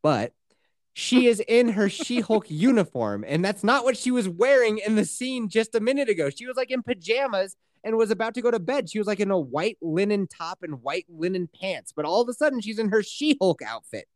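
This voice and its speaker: Profane, animated podcast co-host. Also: mid-range voice, a little fast, dry recording, studio quality. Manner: profane, animated retelling with quoted voices. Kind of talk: casual recap chat.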